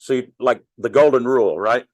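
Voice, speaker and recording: A man's voice: medium pitch, moderate pace, no room sound. A middle-aged man teaching a Bible class in a conversational way, asking the class questions and joking with them. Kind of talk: interactive Bible study teaching.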